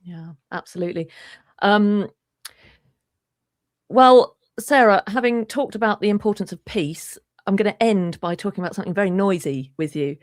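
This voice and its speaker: A woman's voice: medium pitch, moderate pace, dry recording. English woman hosting, dry close sound. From England. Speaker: host. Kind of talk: conversational interview.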